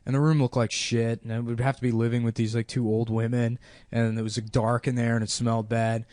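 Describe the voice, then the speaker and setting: A young man talking through a long story on a podcast, full of fillers and "like"s, with a middle-pitched voice. His mic is close and dry, with no room sound around him. He keeps a loose, conversational pace. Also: flat delivery, fairly quick, darkish tone, no echo. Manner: rambling, filler-heavy anecdote with quoted voices. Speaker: podcast host. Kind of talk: casual storytelling chat.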